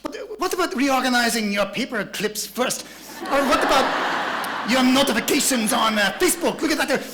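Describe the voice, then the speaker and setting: A man's voice: very high voice, animated, normal speed, heavy background noise, pitched above the performer's own voice. A man voicing a flamboyant male tempter with a put-on French accent, coaxing and showy.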